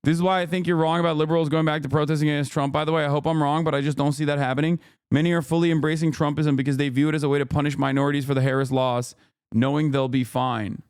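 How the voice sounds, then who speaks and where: A man's voice: fairly high pitch, level tone, fast talker, a little mellow, clean tone, dry recording, clean studio sound. Exasperated man ranting on a stream. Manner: exasperated, profane, reads posts aloud. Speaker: streamer host. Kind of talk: casual livestream commentary.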